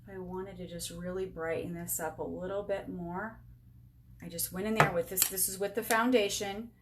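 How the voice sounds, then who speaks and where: A woman's voice: on the low side, steady tone, moderate pace, heavy background noise. A woman in her forties giving a casual live-stream makeup tutorial, chatty and upbeat, talking to herself and her viewers as she works. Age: 40s. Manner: chatty, talks to herself and viewers while working; upbeat, self-teasing. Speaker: beauty sales rep demonstrating makeup. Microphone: camera with a halo light.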